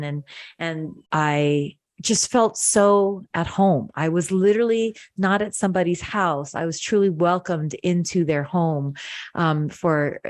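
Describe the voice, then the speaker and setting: A woman's voice: fairly low pitch, darkish tone, dry recording, studio quality. A middle-aged woman from Hawaii hosting a podcast, talking in an earnest, heartfelt way with many fillers. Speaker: podcast host. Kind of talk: casual chat.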